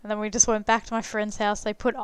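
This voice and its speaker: A woman's voice: mid-range voice, completely flat delivery, fast, smooth, no room sound. A young adult woman streamer telling a story casually while playing a game, chatty and swearing freely, full of "like" fillers.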